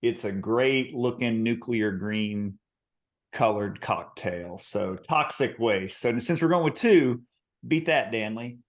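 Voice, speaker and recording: A man's voice: medium pitch, takes it slowly. A man co-hosting a podcast, chatting in an upbeat, joking way. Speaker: podcast co-host. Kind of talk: casual podcast chat.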